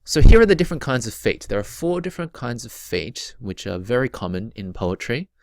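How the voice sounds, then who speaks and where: A man's voice: medium pitch, sing-song, brisk, a little hiss or hum. A man teaching a recorded lesson, patient and repetitive, chanting stress patterns aloud to show rhythm.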